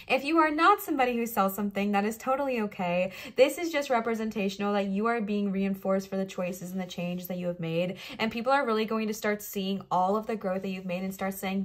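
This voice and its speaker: A woman giving a pick-a-card tarot reading, talking fast in an upbeat, gushing way and passing on affirming messages from Spirit. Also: mid-range voice. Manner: affirming, uplifting, channeling Spirit. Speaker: tarot reader.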